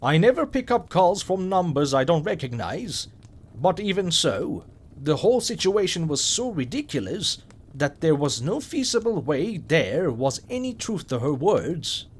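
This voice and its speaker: A man reads a horror story aloud in a slow, unhurried way. His voice sits fairly high and moves a lot in pitch. A husky, breathy grain runs through every line. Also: very animated. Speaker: story narrator. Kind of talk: scripted horror story narration.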